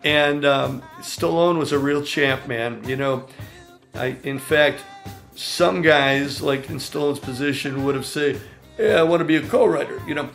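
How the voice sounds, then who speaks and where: Gravelly older man telling stories. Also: mid-range voice, measured pace, soft background music. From Chicago area, USA. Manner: animated, chatty, full of asides. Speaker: songwriter and guitarist, guest. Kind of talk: storytelling interview.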